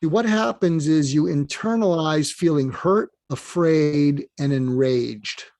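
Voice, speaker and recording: Man, podcast guest, fairly high voice, earnest advice, dry close sound. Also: slow pace, a little mellow, no echo. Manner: earnest, speaks straight to listeners. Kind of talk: giving advice in an interview.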